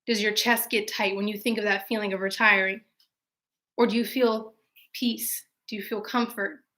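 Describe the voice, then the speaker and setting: A young woman hosting a casual live stream from home, chatting with viewers and telling a dating story in an animated way. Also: mid-range voice, moderate pace.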